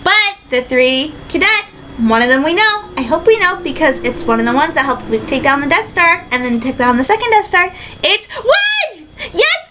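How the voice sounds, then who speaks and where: A woman from Michigan giving a rambling, excitable fan reaction in a casual vlog, full of fillers. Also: high voice, fairly quick, hardly any pauses, slight background noise, low-quality recording. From Michigan, USA. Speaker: vlogger reacting to a trailer.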